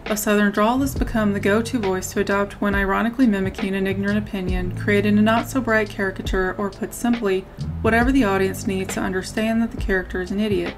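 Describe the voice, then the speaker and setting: A woman's voice: medium pitch, fairly even intonation. Woman narrating a video essay. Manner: measured, reads out quotes. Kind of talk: scripted narration. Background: background music.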